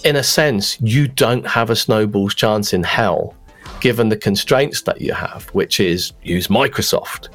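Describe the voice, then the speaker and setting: A man talking in a casual discussion, giving animated, forthright opinions. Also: on the low side, a little slow, soft background music.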